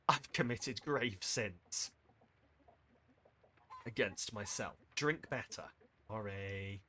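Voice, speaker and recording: Slow and prone to long pauses, a fairly low, sharp-toned voice belongs to a man from near Wales chatting through a live-stream game. He mutters a running commentary laced with jokey self-deprecation over slight background noise.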